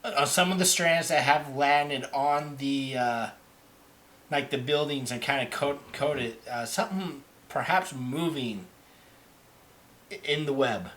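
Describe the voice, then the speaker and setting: A young man narrating a tabletop game as game master in an animated, halting way. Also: medium pitch.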